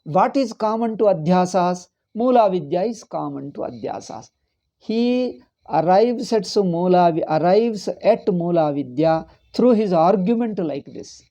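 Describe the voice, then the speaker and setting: A man's voice: high-pitched, lively intonation, measured pace, dark tone. A man, teaching a scripture class and explaining patiently, with many repeats and Sanskrit terms. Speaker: Vedanta teacher.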